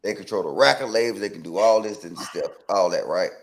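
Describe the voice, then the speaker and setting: A man's voice: deep voice, fairly quick. A man from Atlanta co-hosting a call-in talk show, debating with pointed questions and stammered restarts. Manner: animated, asks pointed questions, repeats "right?". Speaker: co-host.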